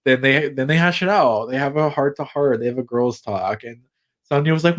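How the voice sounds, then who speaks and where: A man's voice: mid-range voice, moderate pace. Gossipy young man recapping reality TV. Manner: animated, gossipy, acts out quotes with swearing. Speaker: podcast co-host. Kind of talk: casual chat recapping reality TV.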